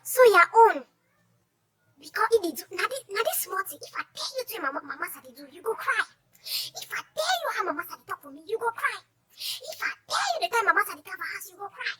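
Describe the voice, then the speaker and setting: A woman voicing a dismissive female friend who retorts rapidly in a shrieking, sing-song way. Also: extremely high pitch, big pitch swings, pushed and bright, voice pushed up, full character voice.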